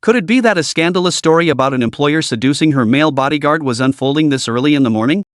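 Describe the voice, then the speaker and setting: A man's voice: fairly high pitch, fast talker, no room sound, clean studio sound, lightly acted. A man doing a sly, teasing young bodyguard. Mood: musing.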